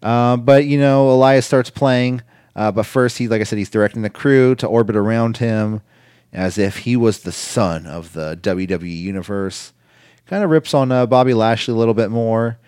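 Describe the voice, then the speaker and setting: A man's voice: medium pitch, moderate pace, darkish tone, smooth, no echo, studio quality. A man co-hosting a casual chat, rambling with lots of fillers as he retells events. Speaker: podcast co-host.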